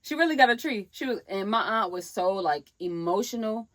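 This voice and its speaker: Young woman vlogger, animated storyteller who acts out quotes; dry, close recording. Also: mid-range voice, normal speed, dry recording. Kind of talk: storytime vlog.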